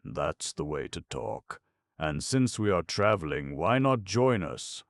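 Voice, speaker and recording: A man's voice: low-pitched, sing-song, takes it slowly, no echo, exaggerated voice. A man voicing a chatty, cheerful male clown in an audiobook, raising his voice a little for the part. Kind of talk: audiobook narration.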